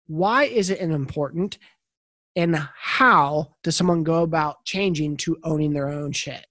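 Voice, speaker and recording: A man's voice: a little high, unhurried, fairly bright tone, dry recording. Man hosting a podcast, dry close sound. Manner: encouraging, conversational. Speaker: podcast host. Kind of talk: podcast interview.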